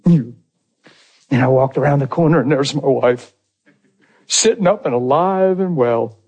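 A man preaching a personal testimony, acting out the dialogue, swinging from near shouts to hushed tones. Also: medium pitch, a little slow, slightly rough, highs cut off. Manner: acts out dialogue in his story. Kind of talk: testimony sermon.

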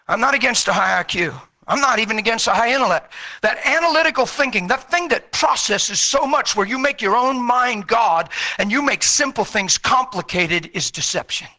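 A male preacher with a very high, piercing, bright voice gives a fervent sermon. He exhorts with rising force, then drops low and intense. His delivery is urgent and insistent. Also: lively intonation, moderate pace.

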